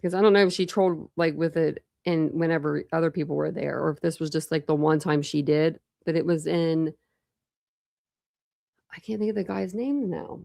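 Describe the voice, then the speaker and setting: Gravelly-voiced woman rambling on a livestream. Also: sits low, fairly even intonation, moderate pace, mellow, dry recording, clean studio sound. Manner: rambling, self-interrupting. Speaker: true crime livestream host. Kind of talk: casual livestream chat.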